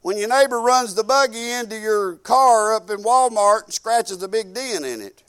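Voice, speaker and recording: High-voiced man preaching fervently. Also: animated, moderate pace, clear, resonant tone. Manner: fervent, folksy preaching that drops from loud proclaiming to quiet musing. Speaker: pastor. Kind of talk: sermon.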